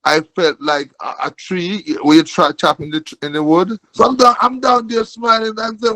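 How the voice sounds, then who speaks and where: Jamaican man, animated profane storyteller, high voice, repeats himself. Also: moderate pace, hardly any pauses, low-quality recording. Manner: animated, profane, repeats words and says okay often. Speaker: guest telling a boxing story. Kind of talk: casual storytelling.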